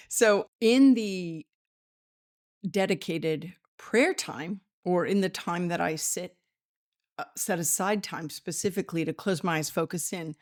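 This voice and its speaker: A woman's voice: lowish voice, a little slow. A woman hosting a spiritual podcast from a small office studio, chatty and emotional, laughing often and close to tears. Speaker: podcast host. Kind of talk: casual spiritual podcast talk.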